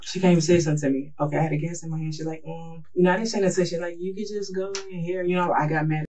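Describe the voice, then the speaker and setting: A man's voice: a little high, flat delivery, racing, darkish tone. A man under police interrogation, rambling and profane, mumbling at times and growing agitated at others. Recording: distant mic with faint noise.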